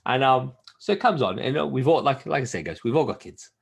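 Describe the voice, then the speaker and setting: A man's voice: mid-range voice, animated, fairly quick, vocal fry, breathy edge. A man co-hosting a casual gaming podcast, telling stories with lots of swearing and acting out what people said. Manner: profane storytelling, swears often; acts out quotes in raised voices. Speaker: podcast co-host. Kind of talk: casual chat.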